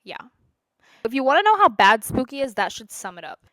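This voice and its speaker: A woman's voice: sits high, big pitch swings, a little fast, sharp tone, no room sound. A woman in her twenties talking casually at home in a sit-down vlog, chatty and rambling, jumping from one tangent to the next. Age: 20s. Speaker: lifestyle creator.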